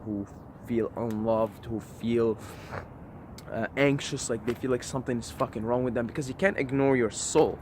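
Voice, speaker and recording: A man speaks to his camera outdoors near a forest, his voice mid-pitched and ordinary. He talks emphatically in a preachy way, swearing and repeating phrases. Faint traffic noise hums in the background. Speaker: vlogger. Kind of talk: impassioned outdoor monologue.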